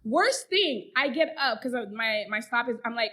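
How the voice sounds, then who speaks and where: Casting: young woman, podcast co-host, lively storyteller, a bit high, laughs a lot. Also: normal speed. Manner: animated, laughs often, acts out others' lines. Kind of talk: casual storytelling chat.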